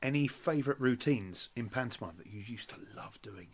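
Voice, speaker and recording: A man's voice: medium pitch, animated, a little fast, breathy edge. A man hosting a podcast, asking short, polite questions of his guest. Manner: polite, brief prompting questions. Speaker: podcast host. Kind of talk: interview questions.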